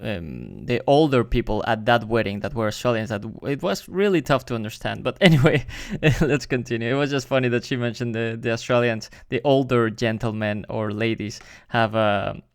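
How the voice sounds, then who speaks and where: A man's voice: medium pitch, expressive, normal speed, vocal fry, hardly any pauses, no room sound, clean studio sound. Hesitant man. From Mexico. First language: Spanish. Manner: hesitant, many fillers. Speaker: reaction channel host. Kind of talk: casual reaction commentary.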